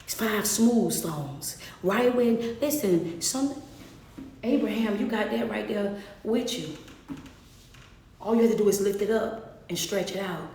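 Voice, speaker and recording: A woman's voice: mid-range voice, measured pace, long pauses, warm tone. A woman giving a live-streamed motivational sermon, speaking emphatically and calling out to her viewers by name. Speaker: motivational speaker and life coach. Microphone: phone livestream. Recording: echoey room.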